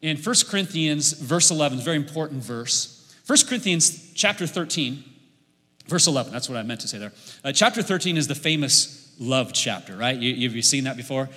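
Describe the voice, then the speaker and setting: A man's voice: mid-range voice, animated, fairly quick, pushed and bright, big-room sound. A man preaching a sermon, telling a story animatedly and acting out the people in it. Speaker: pastor.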